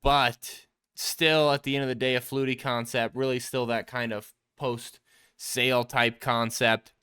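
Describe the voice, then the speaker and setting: A man's voice: medium pitch, flat delivery, unhurried, bright, forceful tone, smooth. A man hosting a quarterback show, casually breaking down football film in a coach-like way, explaining each play step by step and calling his viewers the team. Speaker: quarterback trainer and show host.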